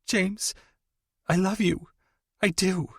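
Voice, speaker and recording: A man's voice: mid-range voice, moderate pace, husky, no room sound, clean studio sound, pitched above the performer's own voice, lightly acted. A man voicing a tearful, defiant young woman. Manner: pleading, defiant, wailing. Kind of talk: audiobook character voice.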